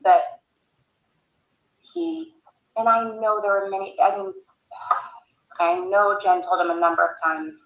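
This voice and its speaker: A woman recalling family events in a recorded interview, speaking haltingly. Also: mid-range voice, lo-fi sound. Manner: halting, hesitant recollection. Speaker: interviewee, sister of the subject. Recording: echoey room.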